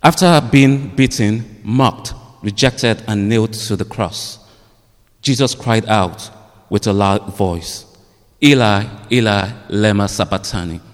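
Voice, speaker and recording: A man preaching a sermon, halting with fillers at first, then rising to emphatic points. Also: fairly low pitch. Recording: long hall reverb.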